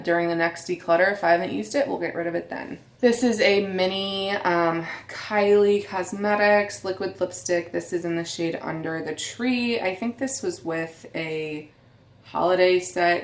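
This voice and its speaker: A woman's voice: lowish voice, echoey room. A woman in her thirties, a beauty vlogger chatting candidly to viewers at home. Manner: chatty, candid, addresses viewers as you guys. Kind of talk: casual chat.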